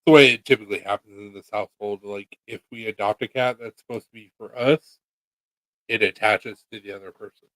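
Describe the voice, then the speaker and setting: A man chatting casually about his cats, animated, profane and teasing. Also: lowish voice, a little fast, no room sound, rough recording. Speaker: pet owner. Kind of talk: casual chat on camera.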